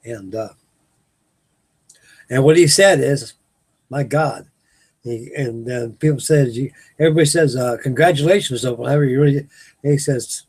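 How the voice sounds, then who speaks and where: A man's voice: mid-range voice, moderate pace, pauses often, darkish tone, breathy edge. An older man, rambling folksily as host of a late-night live chat with his viewers. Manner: folksy, meandering, restarts sentences. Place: home at night.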